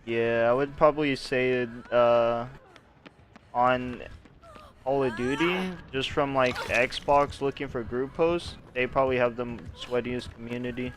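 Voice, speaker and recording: A man in casual gaming talk, laid-back but loud and animated when he tells stories of matches. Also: mid-range voice, unhurried, a little hiss or hum.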